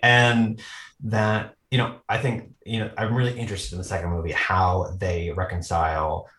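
A fairly low male voice with a noticeable room echo around it. He talks through the film in a thoughtful, analytical way, laughing lightly as he makes his points. The tone is casual and conversational. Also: little pitch movement, moderate pace, a bit bright.

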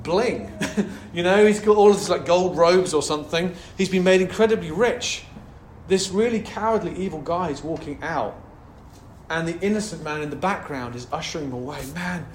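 A male pastor delivers a sermon in a relaxed, conversational way that keeps rising into passion, with lots of asides to the congregation. His voice sits fairly high for a man. The recording is roomy, with faint background noise. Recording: roomy echo.

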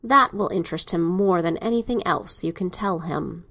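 A woman's voice: lowish voice, normal speed, sharp tone. A woman reading the part of a domineering older male doctor in an audiobook, speaking in a dry, coolly sarcastic way. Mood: stern.

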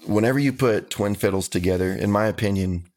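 A man's voice: lowish voice, brisk, darkish tone. A man, a country singer talking earnestly and unhurriedly as an interview guest. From Texas. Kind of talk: casual interview talk.

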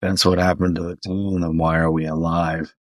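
Brief: deep-voiced male player, blunt, swears freely. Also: flat delivery, normal speed, no echo. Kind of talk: tabletop role-play.

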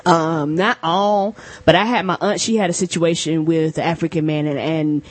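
A woman's voice: low-pitched, steady tone, moderate pace. Hesitant rambling woman podcaster. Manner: rambling, hesitant, many fillers. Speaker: podcast co-host. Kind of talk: casual podcast chat.

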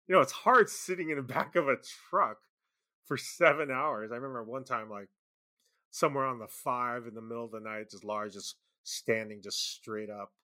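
A man's voice: medium pitch, sharp tone. A man being interviewed, telling rambling road stories with lots of fillers and restarts. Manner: rambling anecdotes with frequent fillers and laughs. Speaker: guest musician and label founder. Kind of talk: casual interview storytelling.

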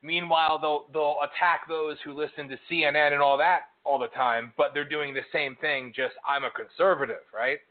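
A man's voice: fairly high pitch, level tone, moderate pace, few pauses. A man co-hosting a political chat, ranting in emphatic lists. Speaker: co-host. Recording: phone-like narrow sound.

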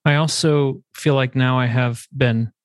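A man's voice: mid-range voice, steady tone, measured pace, dry recording, studio quality. A man hosting a conversation, responding reflectively and thinking aloud about parenting. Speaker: host. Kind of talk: interview conversation.

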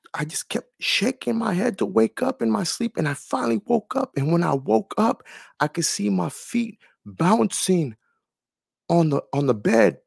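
Man, testimony speaker: rough gravelly voice, slightly raised pitch, earnest and emotional, leans on repetition. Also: dry recording, clean studio sound. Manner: earnest, emotional, repeats phrases for emphasis. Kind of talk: personal faith testimony.

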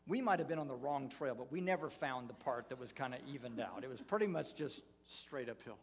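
A man, a pastor, preaching a sermon through a personal story, halting with many fillers and restarts. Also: medium pitch, expressive. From United States.

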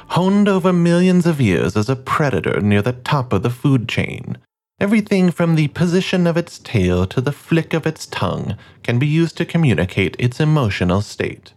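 A man giving scripted, documentary-style narration for a tabletop game podcast in a measured, mock-scholarly manner. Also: mid-range voice, a little mellow.

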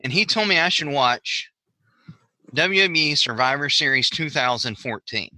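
A man's voice: medium pitch, expressive, moderate pace, bright, forceful tone, no room sound. A man with a Southern US accent co-hosting a casual wrestling podcast, rambling and repeating his words as he talks. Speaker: podcast co-host. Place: Pennsylvania.

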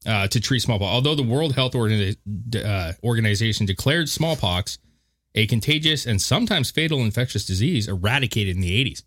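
A man's voice: medium pitch, animated, a little fast, fairly bright tone. A man co-hosting a podcast in casual banter, joking and swearing freely. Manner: joking, profane, rambling. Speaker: podcast co-host.

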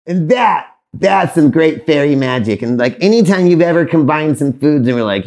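Playful rambling gravelly-voiced man. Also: mid-range voice, brisk, few pauses, a little mellow. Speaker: podcast host. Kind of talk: live podcast monologue.

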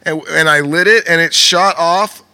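A man in casual chat, telling a story excitably and laughing often. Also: fairly high pitch, normal speed, smooth.

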